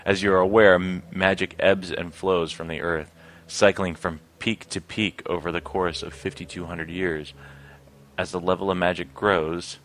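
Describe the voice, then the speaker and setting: A man's voice: sits low, level tone, normal speed, fairly bright tone, a little hiss or hum. A man reading the lines of a dragon's male envoy from a computer game, without putting on any accent. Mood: solemn. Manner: reads plainly, no accent attempted.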